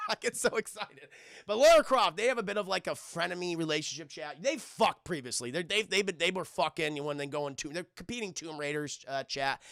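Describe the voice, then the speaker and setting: A man streaming a casual film review, animated and profane, constantly talking to his chat. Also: high-pitched, gravelly, no echo, studio quality.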